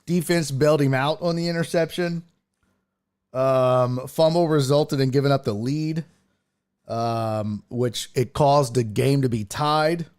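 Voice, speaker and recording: A man's voice: medium pitch, measured pace, darkish tone, clear, resonant tone. A man hosting a sports talk show, chatting casually and thinking aloud as he reacts to the news.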